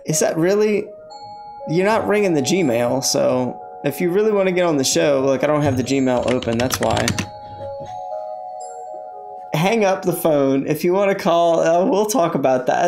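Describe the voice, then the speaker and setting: A man's voice: fairly high pitch, normal speed, creaky, darkish tone, soft background music. A man hosting a casual livestream from inside his car, rambling, joking and talking back to his chat. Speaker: livestream host.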